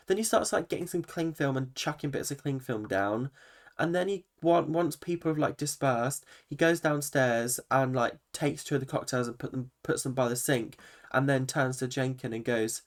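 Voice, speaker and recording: A man's voice: medium pitch, moderate pace. Ranting man recapping reality TV. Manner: animated, opinionated, swears freely. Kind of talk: ranting reaction commentary.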